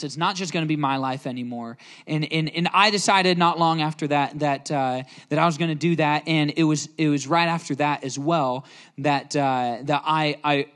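A man's voice: a little high, a bit bright. A young man preaching as a youth pastor, telling a personal story earnestly and emotionally, with many restarts. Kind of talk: sermon.

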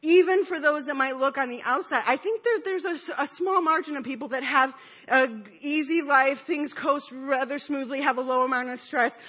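A woman's voice: sits high, moderate pace, fairly bright tone. A woman preaching a conversational sermon, rambling through a self-deprecating personal story with many fillers and asides. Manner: self-deprecating, laughing at herself. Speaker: speaker at church.

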